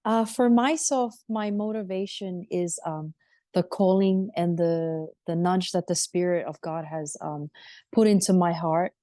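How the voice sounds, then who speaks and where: A woman with a low, mellow voice speaking in a thoughtful, measured way about faith. She pauses often, and the recording is close and dry. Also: fairly even intonation, dry recording. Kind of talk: testimony in a church interview.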